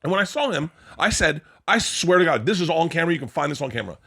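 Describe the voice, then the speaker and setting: A man's voice: on the high side, quick pace, creaky, husky. A man co-hosting a podcast, telling a wild story in a loose, profane, rambling way, full of restarts. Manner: animated, profane, rambling anecdote with many restarts. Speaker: podcast co-host. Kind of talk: casual comedic storytelling.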